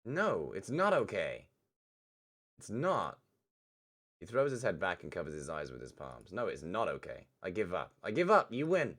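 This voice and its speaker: A man reading a furious young boyfriend, shouting and ranting, very deep voice, lively swings in pitch, faint music underneath. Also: normal speed, pauses often, exaggerated voice.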